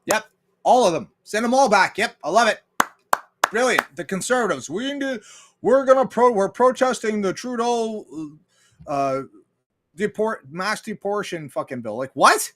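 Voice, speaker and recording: A man with a slightly high voice runs a casual livestream and fires off a profane, argumentative rant. He keeps it blunt and combative, pausing now and then to greet viewers and read their messages aloud. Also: lively intonation, background noise. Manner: reads viewer chat aloud. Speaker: livestream host. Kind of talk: casual ranting commentary.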